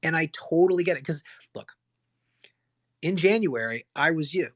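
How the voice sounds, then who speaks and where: A man from the United States riffs heatedly on his own livestream. His voice sits a little high for a man. He keeps stumbling over restarts and firing off rhetorical questions. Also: expressive, normal speed, fairly bright tone. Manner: impassioned, rambling, frequent restarts and rhetorical questions. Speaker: livestream host. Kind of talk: solo livestream rant.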